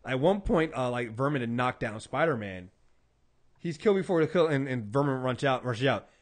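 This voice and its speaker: A man co-hosting a casual podcast about comic books, retelling stories in an animated way with lots of fillers. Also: mid-range voice, normal speed. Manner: animated storyteller, acts out quotes, many fillers. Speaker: podcast co-host. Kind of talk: casual comic book chat.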